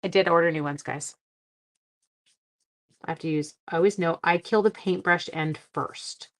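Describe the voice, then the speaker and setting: A Canadian woman with a fairly low voice hosts a card-making livestream at a moderate pace. She chats casually while crafting, greeting viewers by name and thinking aloud as she works.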